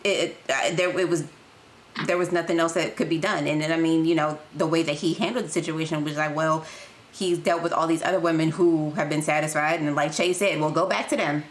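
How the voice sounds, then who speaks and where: A woman's voice: deep voice, fairly even intonation, fairly quick, a little hiss or hum. A woman co-hosting a podcast, telling a story bluntly in casual slang. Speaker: podcast co-host.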